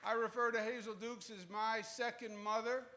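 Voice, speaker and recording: A man's voice: high voice, flat delivery, moderate pace, sharp tone, slight background noise. A man in his sixties with a New York accent, giving a public speech as a state governor, emphatic and repetitive with joking asides. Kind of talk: public speech at a groundbreaking event. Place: outdoor event in Harlem.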